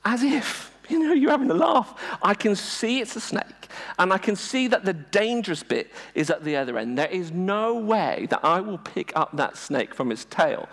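Guy preaching, high animated voice, jokey storyteller, big echoey hall. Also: moderate pace, vocal fry. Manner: lively, humorous, self-deprecating storytelling. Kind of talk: sermon with storytelling. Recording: long reverb of a large hall.

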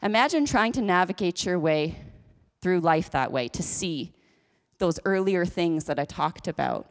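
A woman's voice: lowish voice, lively intonation, unhurried. Woman pastor preaching in an echoey church. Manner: conversational, self-deprecating asides. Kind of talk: sermon. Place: church sanctuary.

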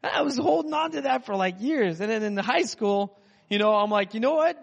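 A man from Russia with a notably high voice preaches in a loose, rambling, conversational way, as though chatting with the congregation. His voice trails off into a long hall echo, and the recording sounds dull and muffled. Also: a little fast, vocal fry. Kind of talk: casual conversational sermon.

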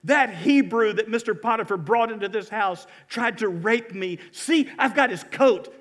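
A shrill, indignant wealthy woman hurls accusations in a high, strained voice, as a preacher puts her on. Her tone is sharp and outraged, pushed well above his usual speaking pitch. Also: lively intonation, moderate pace, big-room sound. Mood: accusing.

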